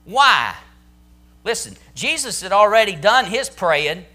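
High-voiced, slow-preaching man pastor. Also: big pitch swings, sharp tone. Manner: preaching with rising, emphatic intensity. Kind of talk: sermon.

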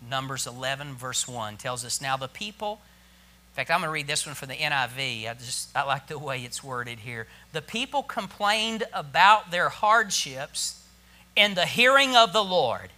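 A man preaching a sermon to his church, swinging from hushed tones to loud emphatic bursts. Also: medium pitch, animated, normal speed. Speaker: pastor.

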